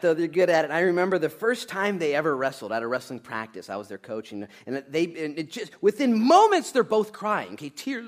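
Male pastor, sermon, somewhat high voice, animated, conversational, emphatic bursts. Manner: animated, conversational preaching with laughs; emphatic, builds to loud peaks.

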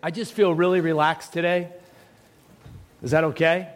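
A man's voice: on the high side, little pitch movement, moderate pace, long reverb tail. A male pastor preaching a sermon in a casual, joking way, teasing his congregation from the pulpit. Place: church sanctuary.

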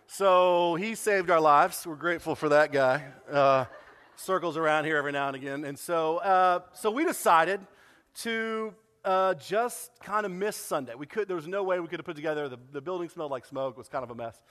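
A man, a pastor telling a story to his church in a lively sermon, acting out what people said. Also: on the high side, normal speed, big-room sound. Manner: animated storytelling, acts out quoted dialogue. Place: church sanctuary.

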